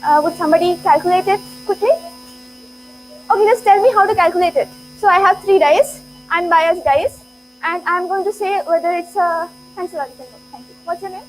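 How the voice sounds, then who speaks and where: A woman's voice: very high voice, fairly quick, soft background music, rough recording. A woman giving an interactive classroom lecture, playful, laughing often and urging the students on. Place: lecture hall.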